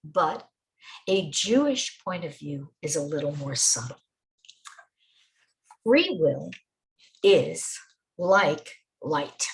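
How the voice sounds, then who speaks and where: Slow, lively-toned woman teaching. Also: low voice, gravelly, rough recording. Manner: measured, with deliberate pauses and stressed words; addresses the listeners directly. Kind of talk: spoken lecture on faith.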